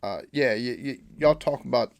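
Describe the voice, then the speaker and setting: A man's voice: mid-range voice, moderate pace, creaky, no echo, clean studio sound. A man, hosting a casual reaction video in a rambling, folksy way. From United States. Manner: rambling and folksy, with fillers and restarts.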